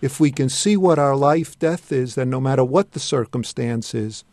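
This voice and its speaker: A man as a radio guest, reflecting on religion in short, paused phrases. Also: mid-range voice, darkish tone, no room sound. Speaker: studio guest.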